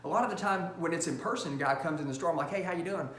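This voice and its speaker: A man giving an energetic sales training talk, punchy and emphatic, often checking in with "okay?". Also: fairly high pitch, very fast, reverberant.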